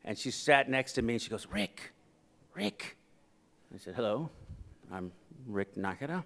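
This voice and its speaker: In an echoing conference hall, a middle-aged keynote speaker shares personal stories with humor, animatedly performing quoted voices to get laughs. His mid-range voice runs a little fast.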